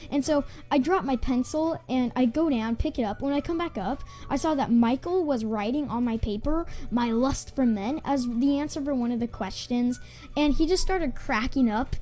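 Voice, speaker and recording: A woman's voice: high-pitched, normal speed, dark tone, soft background music. A female gaming channel host telling a school story in a casual, rambling way, full of "like" fillers and restarts.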